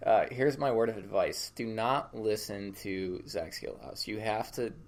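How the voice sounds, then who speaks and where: A man's voice: on the low side, a little slow. A young man in casual podcast conversation as a guest, easygoing, often repeating words as he restarts a thought. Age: young adult.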